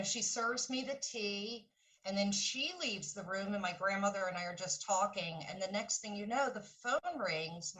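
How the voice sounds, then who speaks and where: Bright-voiced woman telling a dream. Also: mid-range voice, recorded from a distance, low-quality recording. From Philadelphia area. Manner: earnest, vivid storytelling. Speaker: caller. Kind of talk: recounting a dream.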